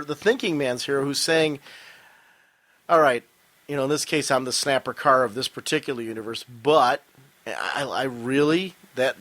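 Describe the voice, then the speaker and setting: A man's voice: medium pitch, a bit bright, no echo. A man co-hosting a casual podcast, talking enthusiastically and often restarting his sentences. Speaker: podcast co-host.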